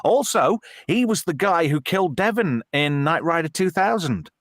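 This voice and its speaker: A man's voice: fairly high pitch, normal speed, no room sound, studio quality. A man hosting a casual panel chat about films, telling stories with self-deprecating humor. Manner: animated storyteller, self-deprecating. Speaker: host.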